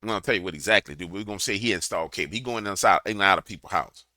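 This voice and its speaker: A man's voice: low-pitched, rapid-fire, pushed and bright, no echo. A man giving a preachy political commentary to a camera, telling a fiery story. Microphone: camera mic.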